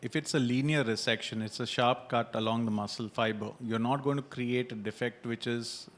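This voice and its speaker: Male surgeon on a panel, steady measured delivery, mid pitch. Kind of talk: panel discussion.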